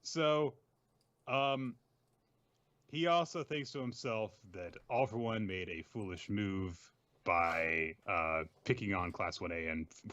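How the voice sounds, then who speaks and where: A man recapping manga chapters on a podcast in a loose, casual chat. His pitch swings widely as he quotes characters and breaks into laughs, and the audio sounds dull and lo-fi. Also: fairly bright tone, dry recording. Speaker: podcast co-host.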